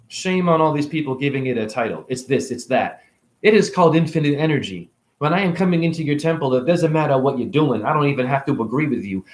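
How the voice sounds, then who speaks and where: A man with a fairly high voice delivers a meandering spiritual monologue, leaping between ideas and talking in circles. He swears casually as he goes. The sound bounces around a reverberant room. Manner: rambling, talks in circles, swears. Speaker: spiritual video creator. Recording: echoey room.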